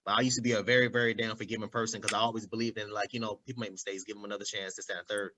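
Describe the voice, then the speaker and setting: A young adult man in a casual podcast chat, talking in an animated, slangy way and often adding "you know what I'm saying.". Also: lowish voice, very fast, crowd noise, rough recording.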